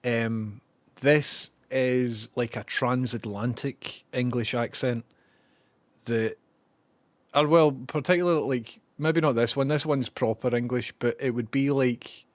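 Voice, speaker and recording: A man's voice: medium pitch, slow, no echo. A man casually commenting on old TV clips, chatty and sarcastic, swearing now and then. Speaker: host reacting to archive TV clips.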